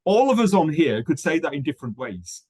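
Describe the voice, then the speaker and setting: A man's voice: on the high side, big pitch swings, brisk, a little mellow, breathy edge, no echo. A man teaching an online lesson on pronunciation, explaining at length with frequent ums and restarts. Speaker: teacher trainer.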